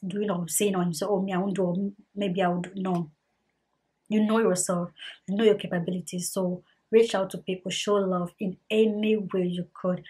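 A woman's voice: mid-range voice, husky. A young woman talks earnestly and casually to the camera, repeating herself for emphasis. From Ghana. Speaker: vlogger.

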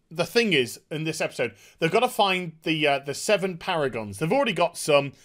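Male review host, high-pitched, scornful, rambling recap. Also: expressive, fairly quick, few pauses, fairly bright tone. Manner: mocking, exasperated, with hesitant fillers. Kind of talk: sarcastic episode recap.

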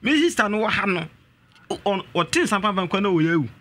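A man's voice: high-pitched, fast, a bit bright. A man calling in to tell a family story, hesitant and full of fillers. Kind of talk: telling a family story on a call-in.

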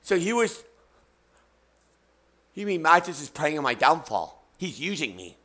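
A man's voice: on the high side, sing-song, measured pace, sharp tone. A man hosting a comedic painting stream, talking in a stammering, overwrought way. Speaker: stream host.

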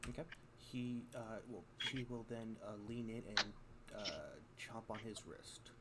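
A man's voice: lowish voice, flat delivery, a little slow. A man playing a tabletop game in casual chat, talking in a hesitant way with fillers. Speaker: player. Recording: voice chat with background noise.

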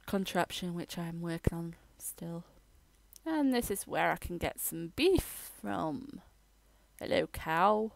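A woman rambling through a casual game voiceover, halting and restarting as she tours her builds. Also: on the low side, vocal fry, dry recording. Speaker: gamer giving a tour.

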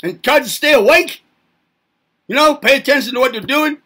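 High-voiced, bright rambling man lecturing. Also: moderate pace, husky. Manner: rambling, rhetorical questions, casual swearing. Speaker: self-help speaker. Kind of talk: informal lecturing monologue.

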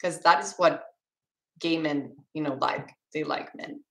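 A woman's voice: deep voice, a little slow, creaky, a bit bright, low-quality recording. A young woman with a Swedish accent, casually reading chat questions aloud on a live stream and answering them with restarts and laughs. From Sweden.

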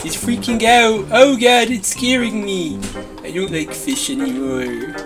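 This game-video comedy features a performer as a petulant, self-styled bee boss ordering builders about with babyish, broken grammar. The delivery is slow and drawling at mid pitch, fairly close to an everyday voice, with loud music playing behind it.

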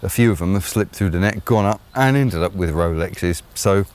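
On his own channel, a deep-voiced man from England muses aloud at length in opinionated solo commentary. His delivery stays low, grounded, and darkish at a moderate pace, rambling with frequent ums and uhs before he drops blunt, sardonic remarks.

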